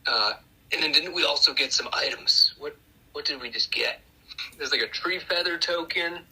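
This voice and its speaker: A man with a bright, husky voice talks at a tabletop game. He thinks aloud and hesitates, often trailing off and starting over. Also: a little high, normal speed, poor audio. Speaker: player. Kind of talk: casual chat at a game table.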